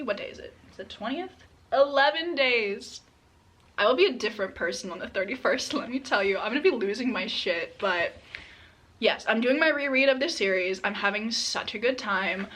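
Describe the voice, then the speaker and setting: Bright, giggly woman book vlogger. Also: a little high. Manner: gushing and giggly, often breaking into laughs and gasps. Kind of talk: casual reading vlog chat.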